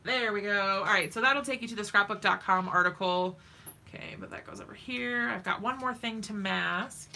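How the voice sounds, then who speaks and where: A woman's voice: mid-range voice, normal speed, vocal fry, bright, forceful tone, slight background noise. A woman hosting a craft live stream, chatting casually and giggling with viewers in the chat while she works at home.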